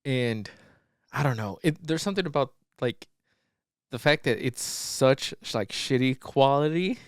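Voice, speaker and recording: Unhurried and expressive, this man's mid-range voice comes through clean studio sound with no room tone. He's co-hosting a podcast, rambling through casual chat full of fillers and curse words.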